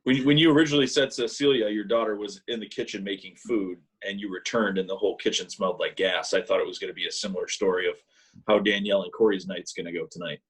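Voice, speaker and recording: A man co-hosting a casual podcast over a call, telling animated stories and mimicking people in a high voice. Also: quick pace, slightly rough, low-quality recording. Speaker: podcast co-host. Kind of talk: casual chat, storytelling. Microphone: remote call mic.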